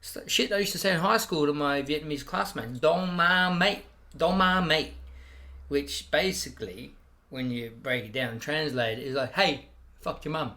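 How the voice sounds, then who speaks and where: Bright-voiced Australian man spinning profane yarns. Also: fairly high pitch, normal speed. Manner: profane, animated anecdotes; loud bursts when acting out quotes. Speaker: guest comedian. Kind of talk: casual storytelling chat.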